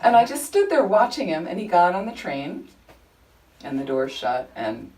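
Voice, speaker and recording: A woman leading a Buddhist study group, telling anecdotes in an informal, animated way. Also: fairly low pitch, moderate pace, recorded from a distance, poor audio. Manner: chatty, animated storytelling with frequent laughter. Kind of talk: informal teaching talk with anecdotes. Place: group meeting room.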